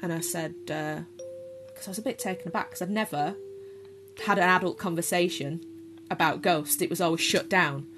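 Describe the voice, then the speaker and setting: A woman's voice: lowish voice, normal speed, music in the background. A woman telling a casual, self-deprecating spoken anecdote as a guest storyteller. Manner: chatty, self-deprecating, laughs at her own story.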